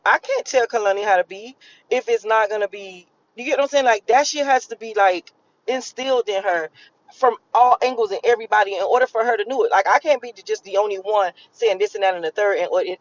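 This vlogger's mid-range voice comes through with its highs cut off as she talks casually to camera about a spiritual channeling reading. She rambles, repeats herself, swears freely, and speaks with emphasis throughout the monologue.

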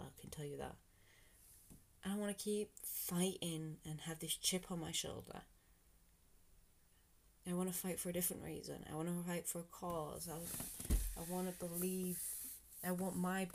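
A British woman with a somewhat low voice hosts her own podcast alone. She talks in an earnest, rambling way and encourages the listener. At times her voice sinks to a near whisper. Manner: earnest, rambling, motivational, sometimes drops to a whisper. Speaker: podcast host. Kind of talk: reflective solo podcast monologue.

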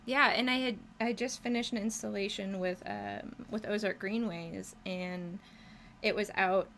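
A woman talking with bubbly enthusiasm about her work, her voice carrying a creaky, gravelly edge. She fills her talk with "um" and "you know" and laughs easily. Faint noise sits under the recording. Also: mid-range voice, steady tone, unhurried, a bit bright. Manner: enthusiastic, laughs often, many fillers. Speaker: muralist guest. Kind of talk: casual interview chat.

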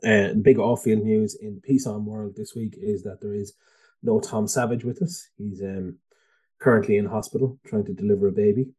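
Relaxed podcast host, a bit husky, lots of ums. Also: male voice, lowish voice, brisk. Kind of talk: casual chat.

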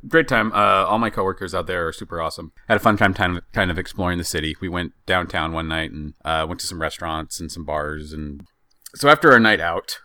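A man's voice: low-pitched, brisk, bright, forceful tone, dry recording. A young man hosting a podcast, telling a travel story in a casual, self-deprecating way. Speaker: podcast host.

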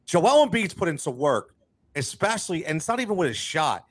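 A man's voice: a little high, very animated, fairly quick, dry recording. A man hosting a sports podcast, ranting with heat and repeating himself as he gets going. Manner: fired-up, ranting, repeats words. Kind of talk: casual sports talk with ad reads.

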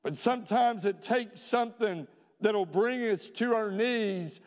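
High-voiced man preaching in a church. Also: darkish tone. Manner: earnest preaching with rhetorical questions, slowing for emphasis. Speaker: pastor. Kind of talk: sermon. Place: church sanctuary. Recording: dull reverberant church recording.

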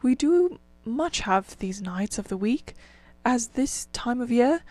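Woman reading a tired little mole from a storybook, drowsy and kinda high, dry close sound. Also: lively intonation, slow pace, darkish tone, no room sound. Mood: weary. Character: weary, humble male mole.

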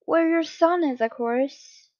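This is a smug male henchman who draws out his taunts with mock politeness, as a woman reading the story puts him on. His voice sits a bit high and the recording has a slightly muffled, lo-fi sound. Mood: taunting. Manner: mocking, drawn-out taunting.

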